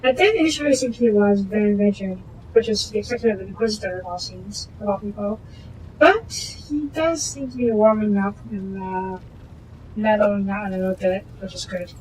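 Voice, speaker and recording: A woman playing a video game and giving casual, relaxed, wry commentary as she goes. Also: mid-range voice, moderate pace, slight background noise, low-quality recording. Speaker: game streamer. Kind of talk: casual let's-play commentary.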